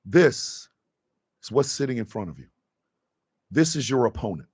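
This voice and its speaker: A man hosting a radio show, delivering an impassioned, profane rant that swings from a low intense murmur to shouting. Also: lively intonation, moderate pace, slightly rough, no echo, studio quality.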